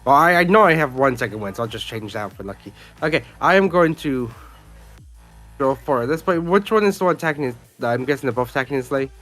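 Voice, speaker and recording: A man playing a tabletop game, upbeat and quick to laugh as he declares his attacks. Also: medium pitch, expressive, a bit bright, faint music behind. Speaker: player.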